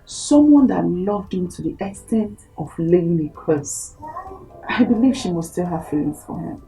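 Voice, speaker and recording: Skeptical Nigerian woman, lowish mellow voice, heard from a distance. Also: animated, unhurried, gravelly, faint music behind. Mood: protesting. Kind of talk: Nollywood film acting. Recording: voice from off the mic.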